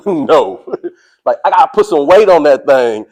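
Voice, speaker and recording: Energetic man preaching grit to a team. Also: on the high side, measured pace, low-quality recording. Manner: energetic, preachy, calls out to listeners; casual slang, drawls "y'all". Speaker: motivational speaker. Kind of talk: motivational speech to a team.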